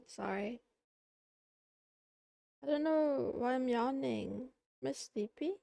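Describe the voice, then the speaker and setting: A woman streamer chatting casually with her viewers in a soft, playful, giggly way. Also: sits high, extremely slow, vocal fry, dry recording.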